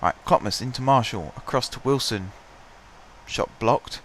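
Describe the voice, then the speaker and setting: A man casually commentating his own football management game, his voice stuffy and blocked up, chatty and self-mocking, clearing his throat now and then. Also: mid-range voice, moderate pace, a bit bright, slight background noise. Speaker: gaming commentator. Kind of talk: casual let's-play commentary.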